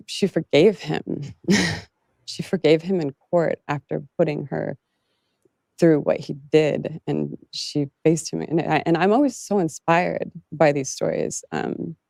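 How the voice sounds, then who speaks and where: A woman speaks earnestly in an interview, halting often and adding small laughs. Her voice is low and gravelly with a mellow tone, recorded dry and close. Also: dry recording. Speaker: interview guest. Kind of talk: candid interview talk.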